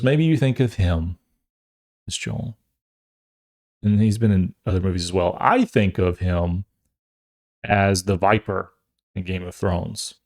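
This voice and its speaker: A young adult man hosting a podcast, chatting casually and rambling, jokey and animated, often restarting his sentences. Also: lowish voice. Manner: animated, acts out quotes in funny voices. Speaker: podcast host. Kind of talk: casual chat.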